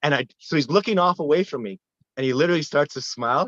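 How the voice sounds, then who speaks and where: A man who guides wilderness expeditions, telling earnest, animated stories in a casual interview with frequent restarts. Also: on the high side, quick pace, no room sound. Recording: dull, lo-fi dry sound.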